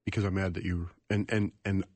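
A male radio guest answers earnestly, stumbling over a few restarts as he works his point out. His voice is low and sounds dry in the studio. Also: little pitch movement, brisk, darkish tone, husky, dry recording. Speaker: guest on a Christian radio show.

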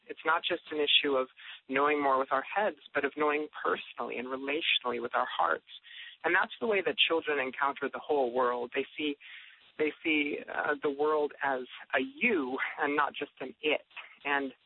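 A man's voice: fairly high pitch, normal speed, creaky, husky, dry recording. A man, the guest author, speaking thoughtfully with frequent fillers in a reflective conversation about faith. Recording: tinny phone line.

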